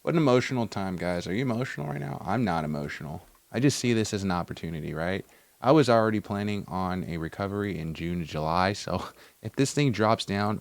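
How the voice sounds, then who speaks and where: A man giving casual, animated crypto market commentary to his viewers, swinging between loud and soft. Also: sits low, no room sound. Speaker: crypto YouTuber.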